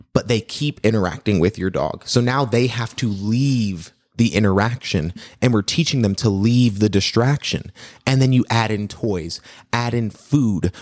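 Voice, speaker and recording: A man co-hosting a casual talk on dog training, energetic and quick to agree, voicing what the dog thinks. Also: medium pitch. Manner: energetic, agreeable, voices the dog's thoughts. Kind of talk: casual podcast chat.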